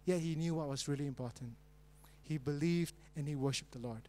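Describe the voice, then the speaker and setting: A male pastor preaching a sermon with pauses and rising emphasis. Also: fairly high pitch, mellow. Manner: reads a spoonerism fairy tale as a joke, then preaches with pauses and rising emphasis.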